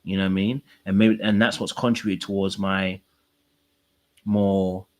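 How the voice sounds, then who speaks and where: A man's voice: low-pitched, flat delivery, moderate pace. A man hosting a podcast and working as a coach, sharing his own feelings openly and earnestly with lots of fillers. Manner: earnest, open, emotional sharing with many fillers. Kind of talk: podcast interview.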